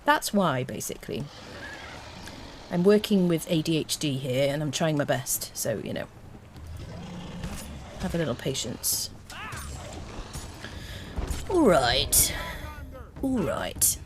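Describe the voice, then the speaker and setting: A woman's voice: deep voice, big pitch swings, slow, pauses often, background noise. A woman streaming a video game, chatting to her viewers and humming little tunes to herself as she plays. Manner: chats to viewers. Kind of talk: casual live-stream chat while playing.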